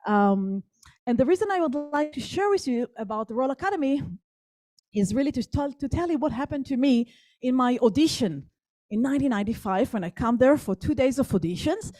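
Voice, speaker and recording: Higher-voiced woman telling a story. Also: expressive, brisk, mellow, no room sound. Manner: engaged, asks the audience questions. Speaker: guest speaker. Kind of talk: storytelling talk to an audience.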